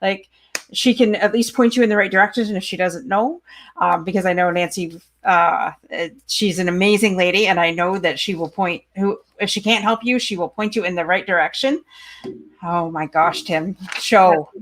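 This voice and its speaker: A woman's voice: on the low side, steady tone, moderate pace, a bit bright. Chatty Canadian woman hosting. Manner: chatty, apologetic, many filler "uh"s. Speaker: host. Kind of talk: casual interview hosting.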